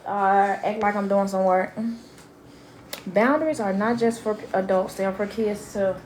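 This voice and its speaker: A woman's voice: mid-range voice, fairly even intonation, a little slow, a little mellow, a little hiss or hum. A middle-aged grandmother hosting a casual parenting live stream from home. She talks bluntly and chattily and keeps breaking off to talk to her grandson.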